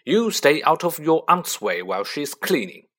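Storybook bully: a blustering, snarling middle-aged man, loud and forceful, read by a male narrator. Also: fairly high pitch, big pitch swings, moderate pace, voice pushed up.

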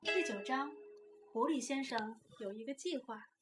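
A woman, the child host's mother, reading a children's story aloud in a lively, expressive way. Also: sits high, normal speed. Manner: lively expressive reading, lifts her voice for the characters' lines. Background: faint guitar music.

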